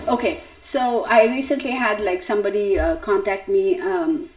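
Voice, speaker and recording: A woman's voice: medium pitch, normal speed, hardly any pauses, darkish tone, rough recording. A woman hosting a tarot live stream, talking casually and straight to her viewers, chatty and wandering off topic with frequent laughs. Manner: chatty, digressive, laughs often, talks to viewers directly.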